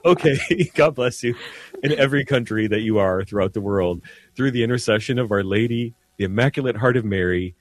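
A man with a low voice talks as a priest on a radio show, earnest and preacherly, repeating words as he goes. The sound is dry and close, with no room around it. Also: fast talker, dry recording. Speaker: Catholic priest guest. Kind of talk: radio talk and blessing.

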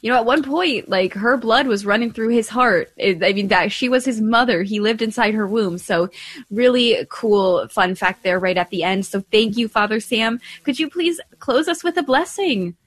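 A woman's voice: fairly high pitch, normal speed, no room sound. A woman hosting a radio show, upbeat and effusive as she thanks guests, crew and listeners. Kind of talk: casual radio talk. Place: radio studio.

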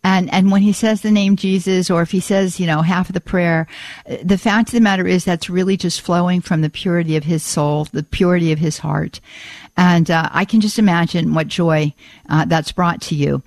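A woman's voice: fairly low pitch, fairly even intonation, moderate pace, a little mellow, dry recording. A woman hosting a Catholic call-in radio show, effusive and full of praise, with frequent restarts and repeated words.

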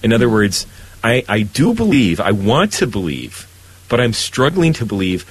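A man who is a Catholic priest, talking earnestly about faith and trust in God, often pausing and restarting his sentences. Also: lowish voice, very animated, breathy edge, low-quality recording. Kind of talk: faith conversation.

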